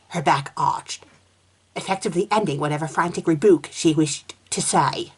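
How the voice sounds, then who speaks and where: A woman's voice: low-pitched, moderate pace, slightly rough. A woman reviewer reading fan fiction aloud, breaking in with sarcastic, exasperated comments.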